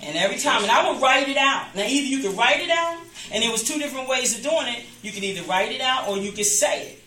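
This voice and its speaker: Bright-voiced woman minister in an echoey room. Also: a little high, animated, quick pace, a little hiss or hum. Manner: talks informally, repeats and restarts phrases, acts out quoted voices. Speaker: minister teaching a church class. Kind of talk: conversational Bible class teaching. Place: church classroom. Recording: echoey room, distant mic.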